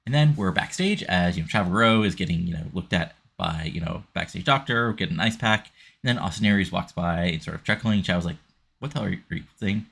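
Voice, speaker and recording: A man's voice: low voice, animated, fast talker, vocal fry, fairly bright tone. A man casually narrating a wrestling sim game, rambling with lots of fillers.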